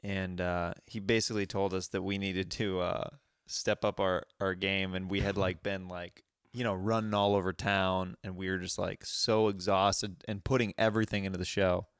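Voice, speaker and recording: A man's voice: deep voice, little pitch movement, normal speed, hardly any pauses, fairly bright tone, clean tone, dry recording, clean studio sound. A man hosting a comedy podcast, telling stories about himself in a rambling way with many restarts. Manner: rambling, restarts, self-deprecating. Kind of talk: casual podcast chat.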